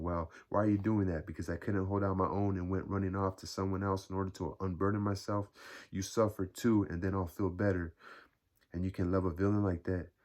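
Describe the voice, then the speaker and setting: A man's voice: low voice, a little mellow, natural voice. A man voicing a tormented young killer. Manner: weary, despairing, ironic.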